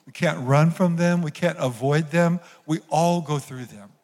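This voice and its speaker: A man's voice: fairly high pitch, a little slow, darkish tone, big-room sound. A man preaching a sermon as pastor to his congregation in church, calling on them to repeat lines after him. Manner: preaching with call-and-response to the congregation. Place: church sanctuary.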